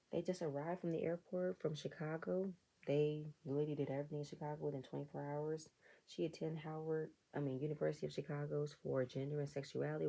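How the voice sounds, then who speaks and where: A woman with a low, dark voice reviews a reality show episode in a relaxed, chatty way. A gravelly fry runs through her speech. She often breaks into sarcastic asides and acts out the reactions of the people she is describing. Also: low-quality recording. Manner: animated, sarcastic commentary with mock quoted reactions. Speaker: reality TV recap vlogger.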